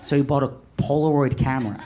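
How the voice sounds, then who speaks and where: A man in his forties doing a stand-up comedy set, telling a story in an animated way and shouting when he voices characters. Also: mid-range voice, quick pace, crowd noise. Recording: live club with audience laughter. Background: audience laughing.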